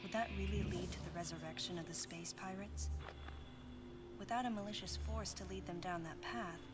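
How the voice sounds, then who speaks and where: A woman voicing a stoic female bounty hunter in a video game, speaking in a flat, even, almost robotic way. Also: lowish voice, moderate pace, over loud music, lightly acted. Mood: reflective. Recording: game audio with loud ambience.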